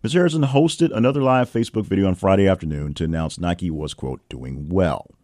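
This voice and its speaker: Reading headlines and quotes for his weekly news roundup, this man moves at a brisk clip, tossing in wry asides with lively pitch swings in a casual style. The recording is dry and studio quality.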